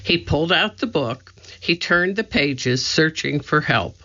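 A narrator reading a children's chapter book aloud in a steady, clear storytelling manner. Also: mid-range voice, unhurried, muffled recording. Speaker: audiobook narrator.

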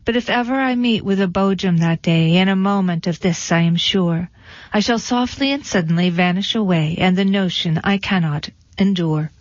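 A woman voicing a mild-mannered, tearful male baker who tells his tale in a gentle, plaintive way. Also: fairly low pitch, normal speed, no room sound, lightly acted. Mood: woeful. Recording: dull lo-fi dry recording.

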